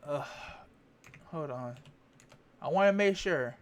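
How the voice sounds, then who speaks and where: A vlogger gives candid political commentary to camera in a high, animated voice, taking it slowly. He rambles, repeats phrases and pauses to check his facts.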